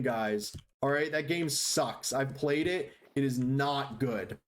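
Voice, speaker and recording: A man's voice: mid-range voice, slow, few pauses. A man streaming a game live from home, chatting casually, joking about himself and laughing often. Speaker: livestreamer. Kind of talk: casual live-stream chat while gaming. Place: home room next to a busy street.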